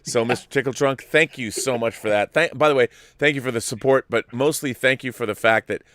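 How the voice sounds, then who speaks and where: A man's voice: medium pitch, fairly quick, a bit bright, no echo, clean studio sound. A male host chatting casually and reading out viewer messages with wry humor. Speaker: show host. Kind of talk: casual chat.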